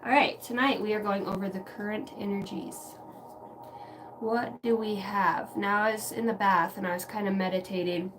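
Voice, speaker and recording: A woman's voice: mid-range voice, steady tone, moderate pace, fairly bright tone. Meandering woman reading tarot live, heard from afar. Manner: meandering, reflective, casually profane. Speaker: tarot and intuitive reader. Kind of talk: casual livestream reading. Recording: distant mic with faint background noise.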